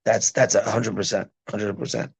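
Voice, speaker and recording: A man's voice: fairly low pitch, normal speed, gravelly, slightly rough. A man teaching a parenting class as a rabbi, talking casually and often checking in with his listeners. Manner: animated, keeps checking in with listeners. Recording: dull lo-fi sound.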